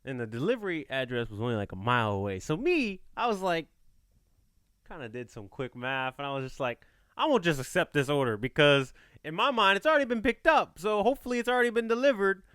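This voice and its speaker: A man tells a story on a podcast. His voice sits high and bright for a man and swings widely in pitch. The sound is close and dry. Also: quick pace, clean tone, no room sound. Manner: animated, playful, slips into quoted voices. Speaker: podcast host. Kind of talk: casual storytelling chat.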